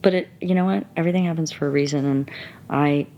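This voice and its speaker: Woman guest, lively candid storyteller who mimics others and laughs easily. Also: deep voice, fast talker, lo-fi sound, a little hiss or hum. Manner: animated, laughs often, acts out quoted people.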